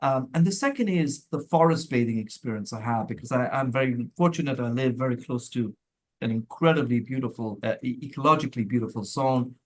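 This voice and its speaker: A man from India with a mid-range voice answers interview questions conversationally as a guest mental health professional. He sounds thoughtful and measured, with frequent restarts and light laughs.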